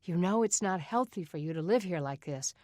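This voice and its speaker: A woman voicing a kind-hearted woman who speaks softly and gently. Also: on the low side, animated, a little fast, dry recording, studio quality, lightly acted. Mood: gentle. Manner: soft and gentle.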